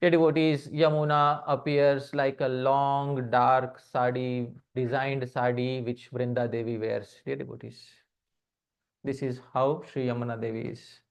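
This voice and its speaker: A man giving a devotional lecture on poetry who keeps addressing his listeners as dear devotees, asks them questions and chants verses slowly before translating them. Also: medium pitch, little pitch movement, clear, resonant tone. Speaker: speaker giving a scripture class. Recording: slightly muffled recording.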